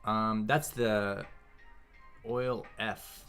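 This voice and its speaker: A man hosting a casual trading livestream, thinking aloud in a halting way and answering chat questions. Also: fairly low pitch, fairly even intonation, a bit bright, faint music behind.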